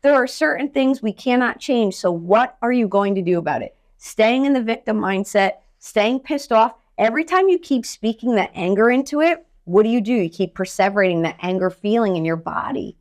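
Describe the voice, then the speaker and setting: A woman mental skills coach talking in a podcast interview, energetic and blunt, telling stories with casual swearing. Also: a little high, fairly quick, hardly any pauses.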